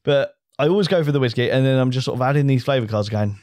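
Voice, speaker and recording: A man's voice: medium pitch, fast talker, hardly any pauses, darkish tone, no echo, clean studio sound. A man co-hosting a casual board game chat, enthusiastic and rambling, often restarting his sentences. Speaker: co-host reviewing a board game.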